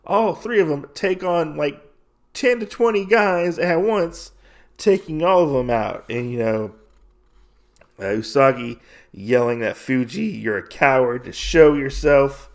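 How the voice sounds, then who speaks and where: Gravelly man casually recapping a comic. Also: on the high side, lively intonation, measured pace. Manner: rambling, lots of fillers. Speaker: podcast host.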